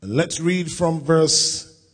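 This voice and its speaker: At a church service, a male pastor with a fairly high, breathy-edged voice preaches a sermon. He speaks deliberately, then rises to loud, emphatic readings of scripture.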